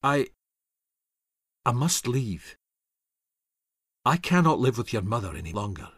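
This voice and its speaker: A man's voice: mid-range voice, big pitch swings, a little slow, fairly bright tone, breathy edge, no room sound, clean studio sound, exaggerated voice. A man voicing a contemptuous fortune-chasing father who talks harshly and barks his orders. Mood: strained. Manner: harsh, barking.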